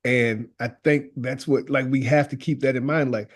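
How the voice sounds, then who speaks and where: A man's voice: mid-range voice, fairly even intonation, normal speed. A man being interviewed as a guest, speaking earnestly and telling stories, often acting out what people say. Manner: earnest storyteller, acts out quoted dialogue. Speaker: guest, death doula. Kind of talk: conversational interview.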